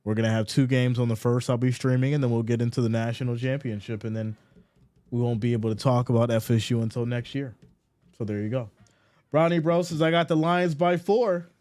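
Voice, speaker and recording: A man hosting a casual sports live stream, reading viewer comments aloud and answering them in an animated, mock-exasperated way. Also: medium pitch, a little fast.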